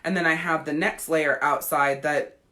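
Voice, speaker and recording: A woman's voice: sits low, fairly even intonation, normal speed, sharp tone. A woman in her thirties, a podcast host telling a personal story in a blunt, profane, frank way. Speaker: podcast host and life coach. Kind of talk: casual storytelling.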